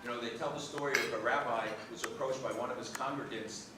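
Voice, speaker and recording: A man's voice: medium pitch, quick pace. A man at a tribute event telling a joke to an audience, playing both sides of the dialogue. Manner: lively storyteller voicing both sides of a joke. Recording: echoey hall, distant mic, background noise.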